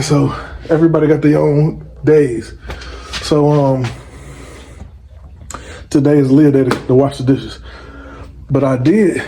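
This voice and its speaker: A middle-aged father casually vlogging to camera in a small home basement, rambling and talking straight to his viewers, filmed on a phone. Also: mid-range voice. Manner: loose, rambling, chatty, addresses viewers directly. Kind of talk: casual vlog chat to camera. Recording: echoey basement with loud background noise.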